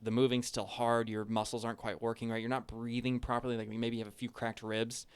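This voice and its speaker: A man running a tabletop role-playing game as game master, narrating scenes in a loose, casual way. He fills his sentences with ums and likes. His voice is smooth and clear, at a middle pitch. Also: flat delivery, a little fast.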